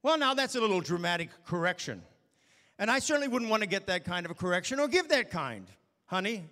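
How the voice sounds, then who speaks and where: Bright-voiced man preaching in a reverberant hall. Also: high-pitched, big pitch swings, fast. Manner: storytelling, swings from quiet asides to shouted warnings. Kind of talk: sermon.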